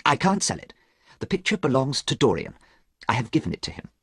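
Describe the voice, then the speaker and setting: A man's voice: mid-range voice, big pitch swings, brisk, breathy edge, no room sound, clean studio sound, voice pushed up, exaggerated voice. A man reading the part of an earnest painter who firmly refuses to sell his work. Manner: firm, earnest.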